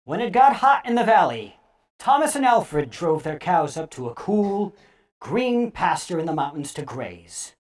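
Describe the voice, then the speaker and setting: A woman storyteller reading scary stories aloud theatrically, dropping to hushes and bursting out loud. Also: on the low side, very animated, unhurried.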